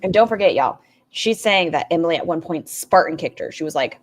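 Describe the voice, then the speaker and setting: A woman's voice: on the low side, animated, fairly quick. A woman hosting a reaction video, making sarcastic, profane asides. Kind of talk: casual commentary.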